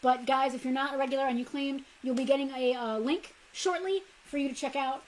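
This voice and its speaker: A woman's voice: high voice, a little fast, low-quality recording. A woman co-hosting a toy shop's live stream, chatting casually and promoting the membership group. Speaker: co-host of a toy shop live show.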